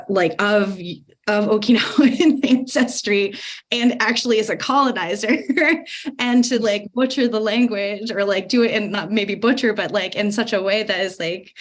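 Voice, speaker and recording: A woman moderating a podcast panel, who talks in a casual, reflective way. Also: mid-range voice. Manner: casual, reflective talk with many fillers.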